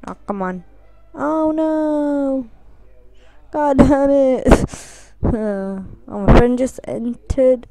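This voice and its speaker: A woman's voice: sits high, very slow, warm tone, faint music behind. A woman giving goofy, crude let's play commentary, yelping and squealing at mishaps in the game. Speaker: gameplay commentator.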